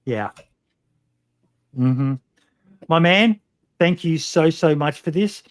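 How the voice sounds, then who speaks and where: A man's voice: fairly high pitch, expressive, slow, dry recording, studio quality. A man hosting a podcast interview, talking bluntly with plenty of swearing and many "um"s. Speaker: podcast host. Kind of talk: casual interview chat.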